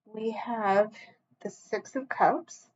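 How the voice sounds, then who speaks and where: A woman's voice: a little high, extremely slow, lo-fi sound, slight background noise. A woman giving a solo tarot reading to camera, earnest and emotional, close to tears, with frequent restarts and a reassuring "okay?". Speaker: tarot reader.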